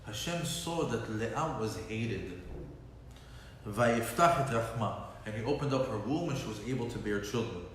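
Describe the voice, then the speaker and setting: A man's voice: medium pitch, lively intonation, moderate pace. Man teaching a Torah class in an echoey hall. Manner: explains verses, mixing Hebrew quotes with casual English. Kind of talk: lunch-and-learn Torah class. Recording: echoey hall, faint background noise.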